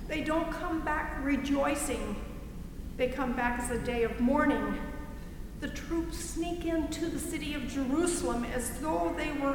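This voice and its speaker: High-voiced woman reading scripture aloud. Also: background noise. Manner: expressive storytelling. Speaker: scripture reader. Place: church sanctuary. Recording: echoey hall with loud ambience.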